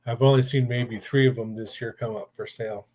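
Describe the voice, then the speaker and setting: A man's voice: medium pitch, fairly even intonation, brisk, a little mellow. An older man, a grandfather, hosting a casual chat show and telling rambling stories in a blunt, profane way. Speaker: podcast host.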